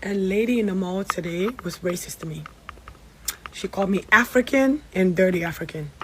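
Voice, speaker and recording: A woman from Gambia tells a story time straight to camera. She is sassy and animated, with a mid-range voice and a faint hum of room noise behind her. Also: mid-range voice, normal speed, low-quality recording. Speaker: social media storyteller.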